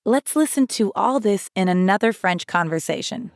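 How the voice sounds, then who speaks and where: A woman teaching a language lesson, saying each word slowly and clearly for learners. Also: mid-range voice, expressive, no room sound, studio quality. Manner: slow, clear pronunciation for learners. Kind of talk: scripted lesson narration.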